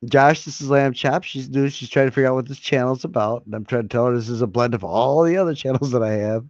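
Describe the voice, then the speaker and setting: A man hosts a casual live stream, rambling loosely and cracking jokes at a mid pitch. His audio is dry and a bit muffled, with a lo-fi home-stream quality. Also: quick pace, no echo. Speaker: livestream host.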